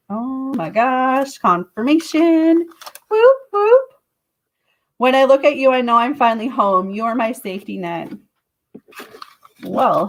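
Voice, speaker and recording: On a live stream, a tarot reader chats directly with her viewers, now and then bursting into sudden high exclamations.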